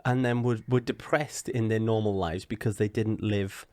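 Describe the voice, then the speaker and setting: A man co-hosting a podcast, chatting casually and joking around in quick banter. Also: on the low side, fairly even intonation, a little mellow, no room sound. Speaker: podcast co-host. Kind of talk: casual chat.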